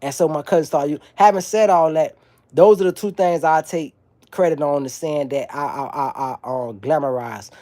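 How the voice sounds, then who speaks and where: A man's voice: a little high, normal speed, warm tone. A man from South Florida talking casually into his phone at home during a livestream, rambling through stories in loose, profane street talk and often losing his thread. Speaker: livestream host.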